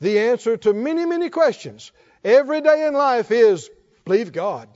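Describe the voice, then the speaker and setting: Guy preaching, really high voice, slow emphatic delivery, kinda muffled lo-fi recording. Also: animated, darkish tone. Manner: preaching, slow and emphatic, rising to fervent calls. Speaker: pastor. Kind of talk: sermon.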